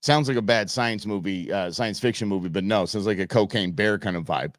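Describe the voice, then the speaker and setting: A man's voice: lowish voice, brisk, no echo, clean studio sound. A man hosting an outdoors talk show, chatting loosely and joking, with frequent restarts. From Arizona, USA. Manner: chatty, rambling, jokey with many restarts. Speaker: radio show host. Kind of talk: casual talk show monologue.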